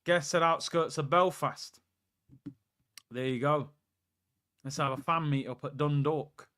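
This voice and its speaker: A young man hosting a live football watchalong, chatting excitably, reacting to the match and answering viewer questions. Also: on the high side, a little slow.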